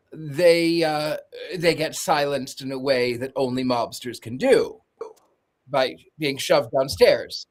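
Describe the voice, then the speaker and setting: A man recapping a film with deadpan jabs and running jokes. His voice sits a bit high and swoops widely, and he takes his time. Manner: sarcastic, joking. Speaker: podcast panelist. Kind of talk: comedic movie recap.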